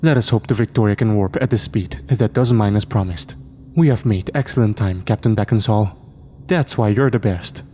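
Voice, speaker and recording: A man's voice: on the low side, moderate pace, dark tone, slight background noise, lightly acted. A man voicing an arrogant, obsessive male scientist who lectures with confidence. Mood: lecturing.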